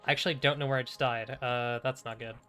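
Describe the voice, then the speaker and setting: A man's voice: medium pitch, fairly even intonation, fast talker, bright, forceful tone, soft background music. A man casually commenting while playing a video game on a live stream, chatty, swearing freely and talking to himself in short bursts.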